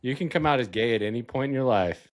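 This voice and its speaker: A man's voice: mid-range voice, animated, fast talker. A young man hosting a casual podcast, teasing his guest with crude jokes and frequent laughter. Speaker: podcast host. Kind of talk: casual chat.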